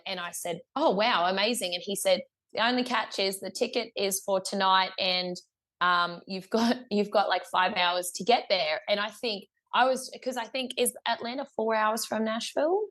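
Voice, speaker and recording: A woman's voice: medium pitch, fairly bright tone. A young woman with an Australian accent, a guest musician telling a story in a casual interview, chatty, laughing often, with lots of fillers and restarts.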